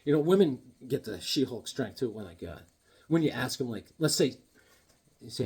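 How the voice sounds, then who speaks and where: A man's voice: mid-range voice, expressive, moderate pace, darkish tone, husky. A man casually chatting about his comic books, rambling and cracking corny one-liners. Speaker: comic book vlogger. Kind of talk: casual comedic chat.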